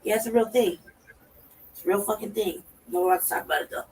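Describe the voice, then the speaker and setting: A woman co-hosting a talk show, telling a profane story in a lively way and acting out her own reactions. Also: mid-range voice, fast talker. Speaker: podcast co-host. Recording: distant mic with faint noise.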